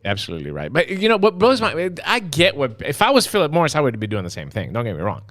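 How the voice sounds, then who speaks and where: A man co-hosting a casual live stream, reading viewer comments and ranting with lots of profanity, dropping to mutters and rising to shouts. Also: medium pitch, huge pitch swings, fast talker, no room sound, clean studio sound. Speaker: co-host of a live vaping talk stream.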